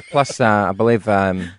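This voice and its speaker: A man's voice: fairly low pitch, noisy background. A man hosting a breakfast radio show in a studio, telling stories animatedly and laughing often. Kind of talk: casual on-air banter.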